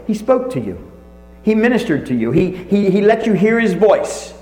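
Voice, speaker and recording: A man preaching a sermon as pastor, calling out to his congregation and slowing down to stress key words. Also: high-pitched, very animated, darkish tone, reverberant, soft background music, poor audio. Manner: preaching, calls to the congregation, slows for emphasis. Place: recorded away from the live congregation.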